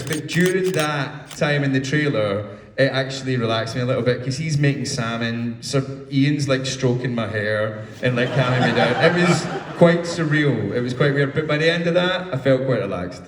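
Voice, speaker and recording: A man answering fans' questions at a convention panel, telling lively anecdotes with casual swearing. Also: medium pitch, a little hiss or hum. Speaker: guest actor answering fan questions. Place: large convention hall. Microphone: distant from the recording device. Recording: roomy hall sound, distant mic.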